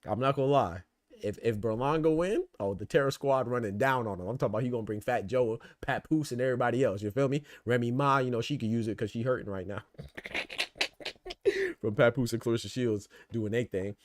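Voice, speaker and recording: A man hosting a podcast, riffing in casual, animated commentary full of rhetorical asides and swearing. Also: medium pitch, fast. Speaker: podcast host. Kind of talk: casual boxing and politics commentary.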